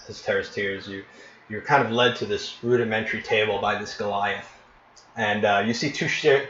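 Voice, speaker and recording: A man narrating as game master, painting scenes in vivid detail with frequent pauses and restarts. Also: fairly low pitch, fairly bright tone, a little hiss or hum. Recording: echoey, dull lo-fi room recording.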